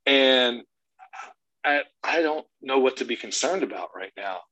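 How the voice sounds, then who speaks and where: A podcast guest in his thirties recounts a long family story, profane and animated, acting out quoted lines in casual conversation. His medium-pitched voice is brisk with a breathy edge, and the recording sounds muffled.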